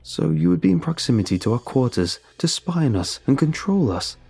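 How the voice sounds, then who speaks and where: A man's voice: mid-range voice, sing-song, fairly quick, gravelly, darkish tone, slightly rough, soft background music, pitched above the performer's own voice, heavily acted. A man voicing a hostile male village council member who spits out accusations in an audiobook reading. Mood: accusing. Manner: spitting, accusatory.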